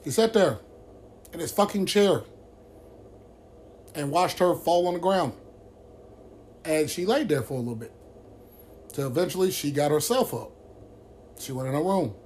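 A man's voice: on the high side, expressive, moderate pace, pauses often, darkish tone, slight background noise. A man hosting a vlog who tells a friend's story to the camera in a blunt, heated way, with constant swearing. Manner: blunt, heavily profane and heated.

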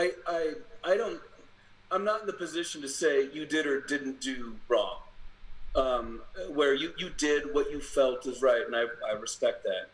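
Hesitant, measured man. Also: medium pitch, low-quality recording. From Midwest of the United States. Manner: hesitant, measured, many restarts. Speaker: attorney guest. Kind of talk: casual podcast interview.

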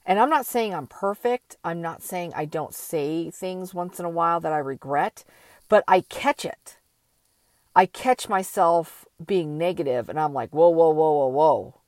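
An older woman talking slowly and thoughtfully in a reflective personal monologue, with many pauses and fillers. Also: lowish voice, expressive, dry recording.

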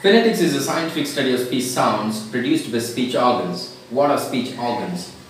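Echoey Indian English teacher lecturing. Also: male voice, medium pitch, expressive, faint music behind. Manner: explains with examples, repeats words and slows down for emphasis. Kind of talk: classroom lecture. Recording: very echoey room.

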